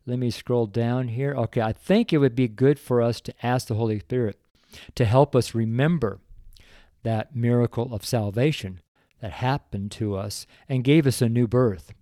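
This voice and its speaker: Older man, pastor, emotional, rambling, folksy, dark voice, dry sound. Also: medium pitch, normal speed, no echo. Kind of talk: sermon read from a weekly letter, with prayer.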